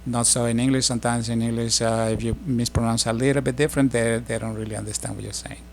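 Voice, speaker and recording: A middle-aged man giving a casual spoken language lesson, explaining slowly with many fillers and restarts. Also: mid-range voice, level tone, creaky, slight background noise. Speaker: language teacher.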